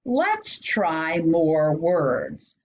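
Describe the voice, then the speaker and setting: A woman with a fairly low voice teaches a phonics lesson at a very slow, deliberate pace. She stretches out each vowel sound and lifts her pitch when she asks a question. The recording sounds dull and lo-fi. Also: wildly swooping pitch, a little mellow, slight background noise.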